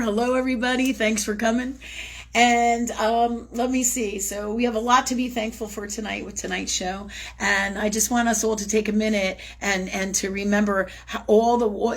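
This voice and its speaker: A woman hosting a live spiritual talk show, speaking casually and effusively, repeating words for emphasis and swearing now and then. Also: mid-range voice. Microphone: live-stream setup.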